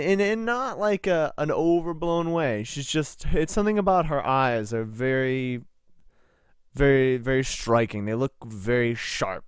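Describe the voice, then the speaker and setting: Slow, halting young game master. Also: male voice, mid-range voice, clean tone, no room sound, studio quality. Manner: halting, full of fillers and restarts. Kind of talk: narrating a tabletop game.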